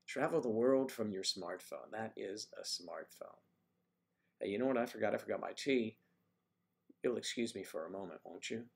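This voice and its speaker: A man's voice: lowish voice, moderate pace, vocal fry, a little mellow. A man hosting a casual livestream, greeting viewers by name and teasing them in a playful, chatty way. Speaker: livestream host reading viewer comments.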